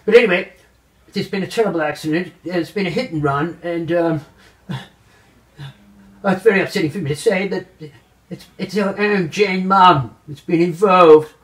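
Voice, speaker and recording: A man's voice: high-pitched, moderate pace, long pauses, fairly bright tone. A young man playing a goofy male chicken news anchor in a homemade comedy skit, rambling and stumbling as he talks. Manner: rambling, stumbling, breaks into laughter. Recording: roomy echo.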